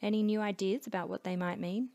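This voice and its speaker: Lady doing a patient shrink guy, coaxing, a bit higher, gravelly edge. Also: steady tone, fast, a little mellow, highs cut off. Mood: probing. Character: calm probing male psychiatrist. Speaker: psychiatrist.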